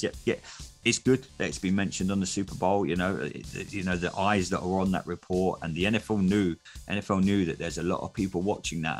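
An English man co-hosting a sports podcast, talking casually and loosely with lots of "you know". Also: sits low. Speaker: podcast co-host.

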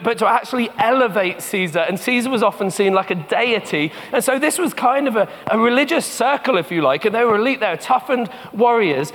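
A man preaching a sermon as a pastor, telling stories in a conversational way and slowing down for scripture and reflection. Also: high-pitched, fairly bright tone. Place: church. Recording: long church reverb.

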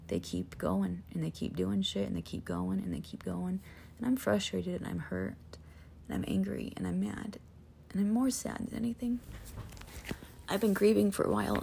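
A woman's voice: medium pitch, gravelly, dark tone, husky. A woman telling her own story in a rambling personal monologue, upset, swearing and restarting her sentences.

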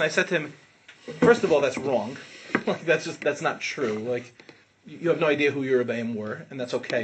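A middle-aged man teaching an informal Torah class to students, animated, asking questions and acting out what his students say. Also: on the high side, background noise. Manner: animated, asks the listeners questions, acts out students' words.

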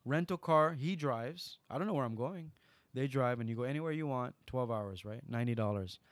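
A man, a guest on an interview podcast, telling lively stories and acting out the dialogue. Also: medium pitch, fairly quick, dry recording. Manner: lively storyteller, acts out dialogue. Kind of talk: casual interview storytelling.

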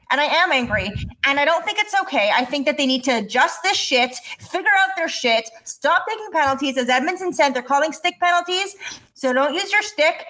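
A woman co-hosting a podcast in casual chat, animated and swearing as she rants and laughs. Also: sits high, a little fast. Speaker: podcast co-host.

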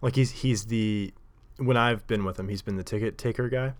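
A man with a somewhat low voice talks through a casual solo monologue. He rambles, stacks up fillers and restarts, and laughs at himself along the way. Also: fairly even intonation, normal speed. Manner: rambling, lots of likes and self-corrections, laughs often. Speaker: podcast host.

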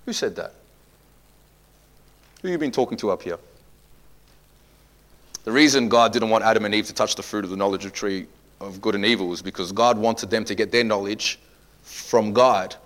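A pastor preaches a sermon, piling up rhetorical questions and swinging from quiet, low passages to loud, emphatic peaks.

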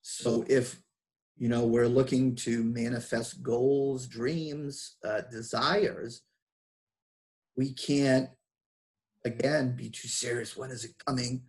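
A man with a Boston accent, a guest on an interview podcast, talking in a relaxed, reflective way with frequent fillers and restarts. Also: medium pitch, takes it slowly. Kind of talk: casual interview chat.

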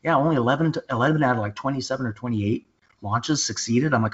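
Guy hosting a podcast, talks blunt n swears a lot, mid pitch, kinda muffled lo-fi sound. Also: fast talker. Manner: blunt, swears freely, frequent restarts. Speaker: podcast host. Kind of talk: casual chat. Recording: dull lo-fi podcast audio.

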